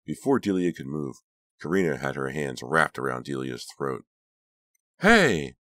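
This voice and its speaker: A man narrating an audiobook in a steady, dramatic reading voice. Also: a bass voice, moderate pace, no room sound, studio quality. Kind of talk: scripted narration.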